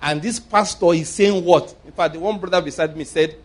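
Middle-aged Nigerian preacher, slightly high voice, storytelling sermon, loud points then quiet asides. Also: male voice, a little fast. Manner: anecdotal, swings between loud emphasis and quiet asides.

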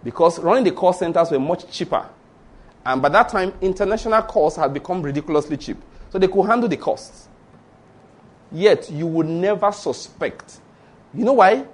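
A middle-aged pastor from Nigeria, speaking with a Yoruba accent, preaches at a moderate pace in an expressive, fairly high male voice. Animated storytelling carries the sermon as he acts out the dialogue and challenges listeners with rhetorical questions.

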